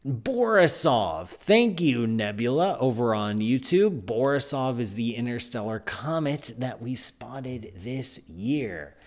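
A man hosting a live science show, talking in an excitable, animated, chatty way. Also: medium pitch, slow pace, few pauses. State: out of breath. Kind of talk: live-stream science talk.

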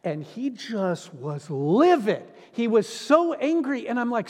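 A man's voice: very high-pitched, very animated, slow pace, a little mellow. A middle-aged man preaching a sermon as pastor, earnest and emphatic, repeating key phrases for weight. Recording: long reverb in a large hall.

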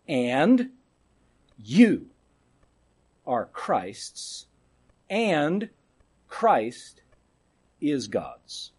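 A male preacher with a high voice that swings widely as he delivers a sermon. He lingers over his words, unhurried and deliberate, and often sinks to a near hush on the key phrase. He keeps putting rhetorical questions to his congregation. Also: very animated, slightly rough. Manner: emphatic, dramatic drops to quiet for emphasis.

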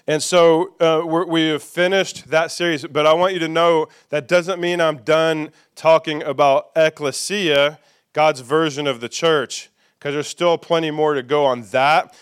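A man's voice: fairly high pitch, steady tone, a little slow, smooth. A man preaching a sermon as pastor, conversational and playful, leading the congregation in call-and-response.

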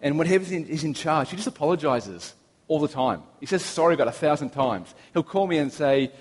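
A young Australian man preaching a sermon, telling relaxed, anecdotal stories with humor. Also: on the high side, a little fast, slightly rough. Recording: long reverb of a large hall.

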